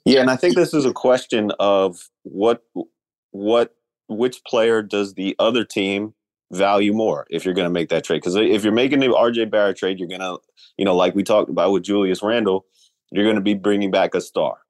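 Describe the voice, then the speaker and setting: A man analysing basketball trades in a casual talk show, measured and weighing each side. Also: on the low side, a little mellow, dry recording. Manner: measured, weighing options, with restarts.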